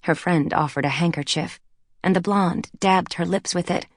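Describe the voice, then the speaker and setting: In a clean studio recording with no room sound, a woman narrates an audiobook novel from a script. Her fairly low voice keeps a measured, even storytelling manner.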